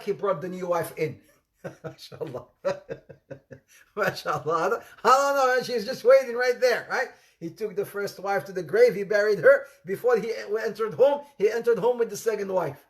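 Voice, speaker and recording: At a moderate pace, a lively male preacher with a high voice shares funny anecdotes in an informal Islamic sermon. He mixes Arabic expressions into English, laughs along with his own stories, and dramatizes the voices of characters he quotes.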